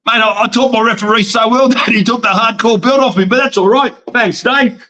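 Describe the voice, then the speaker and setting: A man's voice: very high-pitched, a little fast. An Australian man, a wrestling promoter guest, talking in brash, boastful banter and calling everyone mate. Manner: calls everyone mate, loud and cocky.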